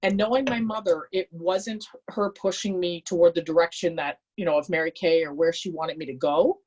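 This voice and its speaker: A woman from Canada giving a motivational talk, telling a personal story with animated delivery. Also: lowish voice, normal speed, muffled recording. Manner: animated, acts out quoted voices. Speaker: motivational speaker.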